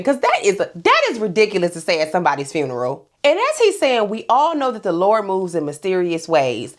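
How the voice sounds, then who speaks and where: A woman's voice: mid-range voice, huge pitch swings, a little fast, hardly any pauses. A woman from Louisiana, hosting a sassy comedic recap of a TV episode, talking straight to viewers with pet names and laughing often. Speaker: host.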